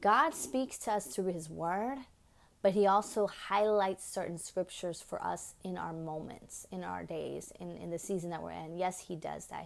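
Earnest woman with a gravelly voice. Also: lowish voice. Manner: earnest, preachy, repeats phrases for emphasis. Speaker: podcast host. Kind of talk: devotional podcast talk.

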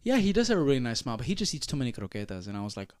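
A young man co-hosting a podcast, telling stories in an animated, swearing way and acting out other people's voices. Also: medium pitch, rapid-fire. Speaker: podcast co-host. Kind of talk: casual chat.

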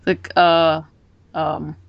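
A woman's voice: low-pitched, level tone, drawn-out words, creaky, lo-fi sound. A woman co-hosting a podcast in casual chat, animatedly acting out characters' lines in raised voices. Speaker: podcast co-host. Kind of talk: casual chat recapping a comic.

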